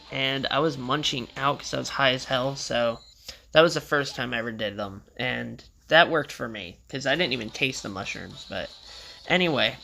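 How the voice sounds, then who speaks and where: A man's voice: mid-range voice, creaky, sharp tone, slight background noise. A young man casually telling a rambling story in a vlog, with loose slangy talk and frequent swearing.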